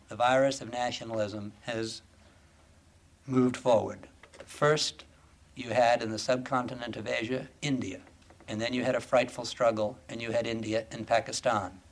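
Man giving a formal lecture. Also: mid-range voice. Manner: rhetorical questions, deliberate emphasis.

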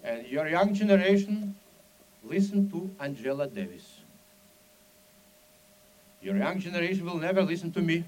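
Guy with a thick russian accent, fairly high voice that swings up and down a lot, urgent and pushy, broken english. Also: expressive, normal speed, long pauses, darkish tone, poor audio. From Soviet Union. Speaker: Soviet émigré dissident. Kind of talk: impassioned speech.

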